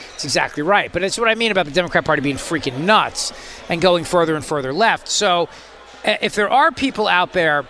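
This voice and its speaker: Brief: male talk radio host, mocking and rambling, high bright voice. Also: a little hiss or hum.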